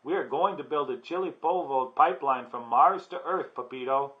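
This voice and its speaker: A man's voice: medium pitch, moderate pace, close to an everyday voice. A man voicing the smallest male chihuahua of a gang, eager and chirpy, in a storybook read-aloud. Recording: dull lo-fi recording.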